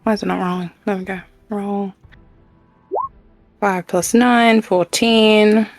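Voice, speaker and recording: Slow, gravelly woman player. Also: medium pitch, steady tone, dry recording, faint music behind. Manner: hesitant, filler-heavy. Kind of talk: playing a tabletop role-playing game.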